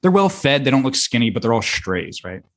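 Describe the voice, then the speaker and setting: A young American man telling a rambling, animated story on a podcast, full of fillers and swearing. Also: mid-range voice, fairly quick. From United States. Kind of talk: casual storytelling.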